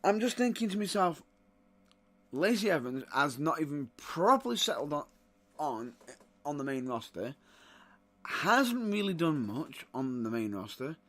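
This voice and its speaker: A man hosting a podcast and ranting in exasperation, rising to loud outbursts. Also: a little high, big pitch swings, measured pace. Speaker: wrestling podcast host. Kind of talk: opinionated commentary.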